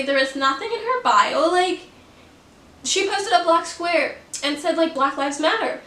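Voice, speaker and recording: A woman's voice: very high voice, expressive, a little slow, sharp tone, echoey room, distant mic, rough recording. A young woman vlogging about her own story, fervent and passionate, with lots of "like" fillers. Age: young adult. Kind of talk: personal storytelling vlog.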